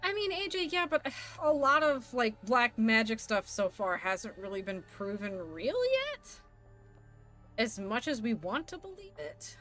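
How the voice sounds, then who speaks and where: Animated young woman streamer. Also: fairly high pitch, unhurried, faint music behind. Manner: chatty, animated, bursts of squeals. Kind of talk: live gameplay commentary.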